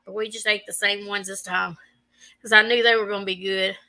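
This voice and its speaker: A woman's voice: mid-range voice, level tone, brisk, pushed and bright, rough recording. A woman with a Southern US accent co-hosting a casual live-stream chat, reading viewer comments aloud and laughing often.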